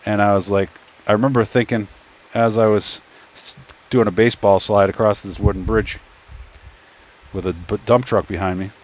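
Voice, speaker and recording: Recorded on a phone, a 3D printing YouTuber with a fairly low, fairly even voice at normal speed tinkers with a 3D printer. He casually tells a story, rambling and stop-start, as if talking to himself while working.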